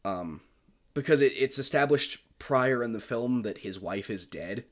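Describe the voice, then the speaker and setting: A man's voice: mid-range voice, lively intonation, a little slow. A man in a mid-range voice talks through a film he loves in a loose, unscripted monologue. He gushes, circles back on himself, and swears casually along the way. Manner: gushing, rambling, swears freely. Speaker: film reviewer.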